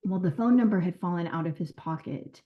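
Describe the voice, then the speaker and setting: A woman who was a caseworker, telling her experiences in an interview in an earnest, animated way with quoted dialogue. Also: on the low side, a little fast. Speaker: former caseworker. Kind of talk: recounting stories in an interview. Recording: dull lo-fi sound.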